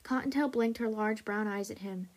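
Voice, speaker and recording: A woman hosting a story podcast, reading a story aloud in a steady, even way. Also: medium pitch, normal speed.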